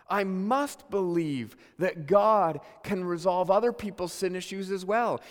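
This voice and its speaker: A man preaching a sermon as pastor, earnest, dropping to soft low asides and rising to emphatic calls. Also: in a large hall.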